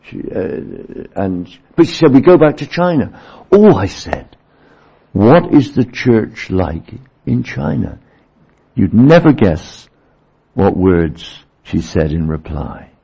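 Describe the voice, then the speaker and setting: Husky low-voiced preacher, lo-fi. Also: male voice, very animated, slow. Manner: earnest, rises to emphatic peaks then drops low and quiet. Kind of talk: sermon. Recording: dull lo-fi sermon recording.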